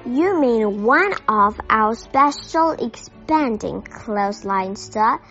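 A woman's voice: a little high, lively intonation, slow pace, exaggerated voice. A woman voicing a fussy, overly polite male shop assistant in a storybook reading. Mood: formal. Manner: bright, formal and ingratiating. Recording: dull audio with faint music.

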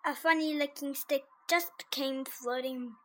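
A woman's voice: high-pitched, steady tone, unhurried, fairly bright tone. A woman voicing a tricky, lazy male spider who chants spells in a storybook. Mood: flustered.

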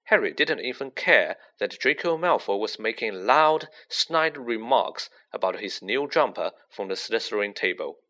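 A man narrating a children's fantasy novel as an expressive audiobook reading. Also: fairly low pitch, measured pace, few pauses. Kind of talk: scripted storybook narration.

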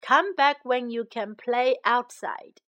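A woman voicing a grumpy, stern father lion in a storybook, speaking loudly and scolding. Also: on the high side, takes it slowly.

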